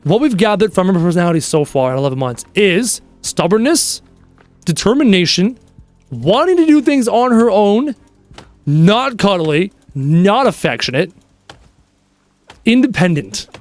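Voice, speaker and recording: A man in his thirties with a fairly high voice talks to his stream chat in a loose, chatty way. He tells stories with animated energy and picks up viewer questions as they come. Soft music sits faintly under his voice. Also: unhurried. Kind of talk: casual live-stream chat.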